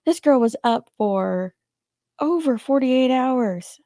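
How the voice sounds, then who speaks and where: A woman's voice: high-pitched, animated, takes it slowly, mellow, no room sound, studio quality. A woman hosting a livestream, chatting casually with her viewers, greeting them by name, and sounding a little sleepy. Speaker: livestream host. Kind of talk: casual chat with live chat viewers.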